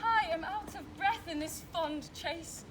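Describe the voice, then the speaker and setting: Over a noisy background, a woman with a very high voice speaks a little slowly, playing the lovelorn Helena in an outdoor production. She delivers the verse with pleading, anguished emotion.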